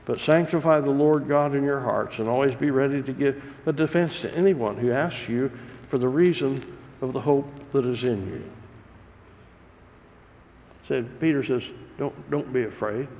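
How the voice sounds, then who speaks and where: A pastor preaching a sermon, telling stories in a folksy, earnest way. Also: male voice, mid-range voice, moderate pace, a little mellow, slight background noise. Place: church sanctuary. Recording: long reverb of a large hall.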